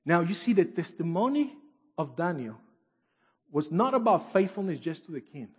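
A man preaching a sermon and reading scripture aloud, swinging from shouts to near-whispers, with non-native English phrasing. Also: fairly high pitch, big pitch swings, moderate pace, breathy edge. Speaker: pastor. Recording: dull echoey hall recording.

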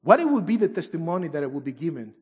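Husky preacher in an echoey hall. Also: male voice, a little high, big pitch swings, rapid-fire. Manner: dramatic swings from shouts to near-whispers, reading scripture aloud. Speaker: pastor. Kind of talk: sermon. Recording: dull echoey hall recording.

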